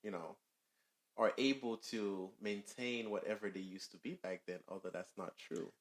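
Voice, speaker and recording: A man co-hosting a casual podcast, explaining his point with fillers and pauses to find words. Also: lowish voice, fairly even intonation. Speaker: podcast co-host.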